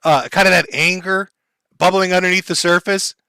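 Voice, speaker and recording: A man with a bright, forward voice calmly explains the background on his stream, filling gaps with ums and uhs. He sits close to the mic in a dry space, pitch a bit above the usual male range. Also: clear, resonant tone, no echo. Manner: calm, measured, many fillers. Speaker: commentary streamer.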